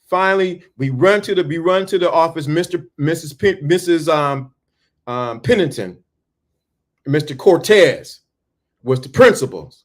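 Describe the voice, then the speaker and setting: A man telling a story in a talk, animated and full of stammering restarts. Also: a little high, unhurried. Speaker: speaker.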